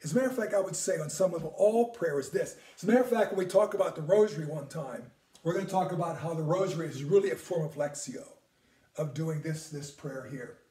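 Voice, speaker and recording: A man's voice: on the high side, fast, dark tone, reverberant, far from the mic. A man, a priest, teaching on prayer in an earnest way, repeating words and at times dropping almost to a whisper.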